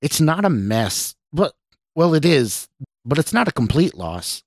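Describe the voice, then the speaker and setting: A man's voice: a little high, big pitch swings, a little slow, dry recording, clean studio sound, voice pushed up, full character voice. A man voicing a jittery, stammering young scientist. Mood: nervous. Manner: stammering, anxious, pleading. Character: nervous young male scientist, defensive. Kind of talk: audio drama reading.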